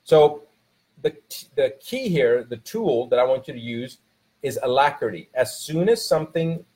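A man in a casual motivational talk, telling a family story in a loose, rambling way full of restarts. His voice sits at an ordinary pitch, and he presses harder as he turns to advice for the listener. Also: a little mellow, poor audio. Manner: rambling storytelling with many restarts, rising to emphatic coaching.

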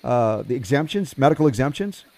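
A man's voice: mid-range voice, big pitch swings, fairly quick, creaky, mellow, no echo. A man hosting a talk show, asking questions in a casual, hesitant way full of fillers. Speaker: show host. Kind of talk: casual chat.

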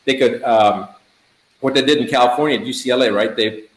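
Middle-aged male doctor guest, emphatic and animated, casual, roomy echo. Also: medium pitch, a little fast. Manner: animated, emphatic, repeats words in lists. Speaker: physician guest. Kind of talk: casual chat.

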